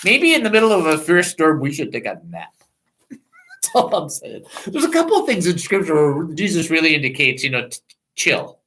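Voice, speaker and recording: A man's voice: fairly high pitch, moderate pace, a little hiss or hum, low-quality recording. A man hosting a Christian call-in radio talk show, joking and laughing as he talks from a studio microphone. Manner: animated, laughing, joking asides.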